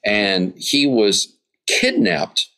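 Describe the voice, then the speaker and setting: Low-voiced man giving an informal sermon. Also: wildly swooping pitch, extremely slow, bright, forceful tone. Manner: informal, checks in with "right?" and "okay?"; reads passages aloud, then comments. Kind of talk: conversational Bible teaching.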